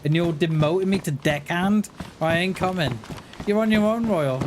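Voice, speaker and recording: Livestreaming a game, a high-voiced man banters jokingly with viewers at a normal speed. There's background noise behind his casual, playful chatter.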